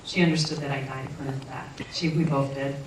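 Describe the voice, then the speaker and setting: Woman guest, earnest halting storyteller, roomy distant recording with faint noise. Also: extremely low pitch, fairly even intonation. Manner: earnest, halting with frequent restarts. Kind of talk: personal storytelling.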